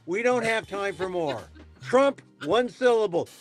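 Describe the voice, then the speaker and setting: An older man hosting a casual comedy talk show, mocking politics with sarcastic, deliberately simple phrasing. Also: sits high, expressive, faint music behind. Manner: playful, mock-simple sarcasm. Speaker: host.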